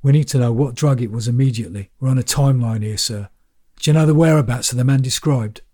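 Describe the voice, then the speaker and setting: A man's voice: medium pitch, quick pace, mellow, natural voice. A man voicing an urgent, authoritative police officer in an audiobook. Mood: firm. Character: brisk firm male police officer.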